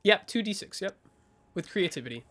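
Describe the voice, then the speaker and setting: A man's voice: high voice, animated, a little fast, pushed and bright, soft background music. A man narrating as game master of a tabletop game, improvising with lots of fillers and restarts.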